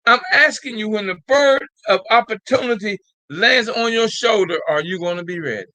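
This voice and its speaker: An older man hosts a live call-in show, urging his listeners on and repeating himself as he goes. His voice sits high and sounds bright and forceful. The sound is dry and close. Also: moderate pace, no echo, poor audio. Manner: exhorting and repetitive, drawls folksy "y'all". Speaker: host of a call-in talk show. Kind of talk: casual live call-in talk.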